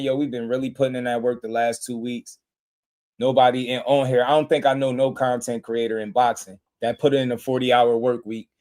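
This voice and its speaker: A man hosting a casual boxing live stream, talking loose and slangy and shouting out viewers in the chat. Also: medium pitch.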